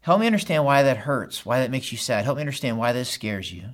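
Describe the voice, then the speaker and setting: A middle-aged pastor preaching a sermon, talking straight to the men in the congregation and swinging between loud urging and hushed asides. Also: male voice, medium pitch, very animated, fast talker. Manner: talks straight to the men in the crowd.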